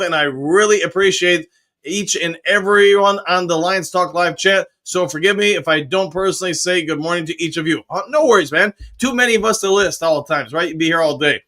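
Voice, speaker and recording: A high, bright male voice reading out chat messages one by one and answering each in an easygoing way. He breaks in with cheerful whoops now and then and fills pauses with "uh". The talk is loose and unscripted, like a morning live stream. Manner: upbeat, reads viewer comments aloud and answers each; frequent "woo" cheers and filler "uh".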